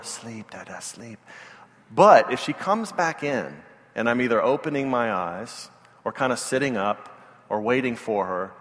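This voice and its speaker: A man's voice: mid-range voice, fairly bright tone, long reverb tail. A male pastor giving a sermon, telling stories in a self-deprecating, earnest way.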